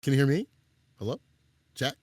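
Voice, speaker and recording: A man doing casual esports commentary after a match, animated and playful, joking with his co-host. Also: medium pitch, brisk, dry recording. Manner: animated, hype, playful trash talk.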